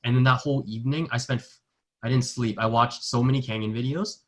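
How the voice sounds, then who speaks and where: A young man, a network marketing distributor, gives an earnest personal testimony during a sales training talk and acts out the dialogue he quotes. His mid-range, fairly bright voice stays fairly even in intonation while he speaks quickly.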